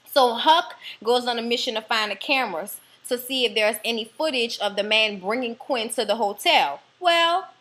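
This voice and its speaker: A woman with a New Orleans accent giving a casual, profane, animated recap of a TV episode. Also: a little high, normal speed, hardly any pauses. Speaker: TV episode reviewer.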